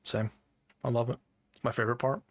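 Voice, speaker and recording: A man with a Scottish accent, a game master chatting casually about running games, relaxed and self-deprecating, with casual swearing. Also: mid-range voice, fairly quick. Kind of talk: casual chat.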